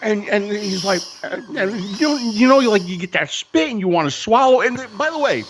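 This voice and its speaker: A man telling a story in a casual podcast chat, animated and profane, acting out the people in it. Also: high-pitched, normal speed, slight background noise. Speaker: co-host.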